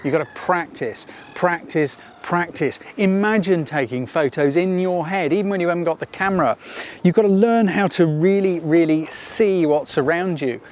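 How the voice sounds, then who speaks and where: Bloke ranting about photography outdoors, kinda high-pitched, punchy and a bit sarcastic. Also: male voice, normal speed. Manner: emphatic, energetic, sarcastic asides. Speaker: photography coach. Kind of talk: casual tutorial rant.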